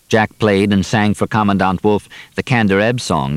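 Low-voiced man narrating a novel. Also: normal speed, few pauses, dry recording. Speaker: audiobook narrator. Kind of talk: scripted narration.

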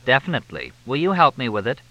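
A man voicing a glib, wisecracking male journalist who trades flip, deadpan remarks. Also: medium pitch, fast talker, no echo, lo-fi sound, voice pushed up. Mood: joking.

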